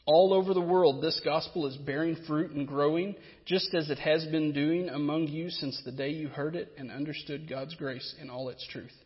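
Guy preaching a sermon, kinda high voice, lots of um and uh, echoey church hall. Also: steady tone, moderate pace, few pauses. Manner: earnest, explanatory, with frequent fillers and restarts. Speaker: pastor. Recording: reverberant hall, slightly dull sound.

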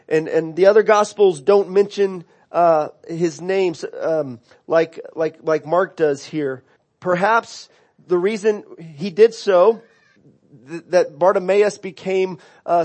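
A middle-aged man, a pastor, preaching an earnest sermon that often restarts phrases and rises to fervent cries. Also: sits high.

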